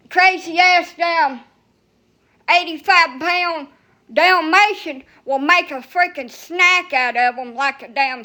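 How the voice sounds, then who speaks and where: A woman's voice: high voice, bright, forceful tone. A woman ranting profanely and sassily to viewers on a phone livestream. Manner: profane, heated, sassy, talks back to viewers. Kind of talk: ranting live stream.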